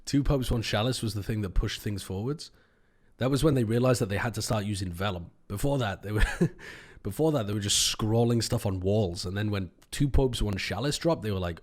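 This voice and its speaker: A man in his thirties, a streamer riffing through deadpan, rambling tangents while reading chat. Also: lowish voice, brisk. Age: 30s.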